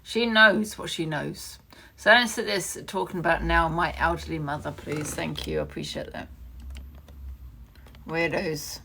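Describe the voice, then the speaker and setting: A woman's voice: low-pitched, lively intonation, measured pace, vocal fry, bright, forceful tone, slight background noise. A woman ranting angrily on a live stream, swearing and repeating accusations. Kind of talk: heated live-stream rant.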